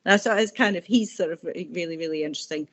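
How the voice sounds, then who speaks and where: A woman author talking in a casual interview over a video call, telling personal stories warmly and restarting her sentences often. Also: on the low side, fast talker. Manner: warm, chatty storytelling with frequent restarts. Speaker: author guest.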